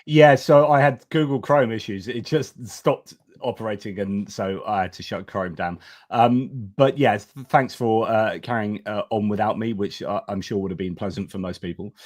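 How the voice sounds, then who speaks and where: A man's voice: lowish voice, normal speed, hardly any pauses, a little mellow. A man co-hosting a livestream in casual chat, hesitant and full of fillers. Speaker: livestream co-host.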